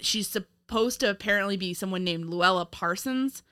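Woman podcast co-host, bright tone, rambling and giggly film chat. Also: mid-range voice, moderate pace, clean tone. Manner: rambling, laughs often, many fillers and restarts. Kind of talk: casual film review chat.

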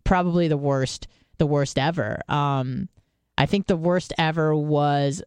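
A woman's voice: deep voice, unhurried, darkish tone, smooth, dry recording, studio quality. A woman hosting a podcast, telling rambling, profane stories in casual chat. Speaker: podcast host.

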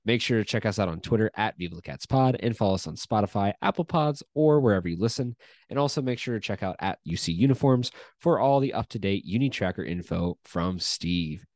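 A young man hosts a casual sports podcast and talks in a very deep register. His chat is upbeat and loose, with frequent fillers. The sound is dry and close to the mic. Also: a little fast, hardly any pauses, no echo. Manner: upbeat, announcer-like welcome, relaxed chat with fillers. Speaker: podcast host.

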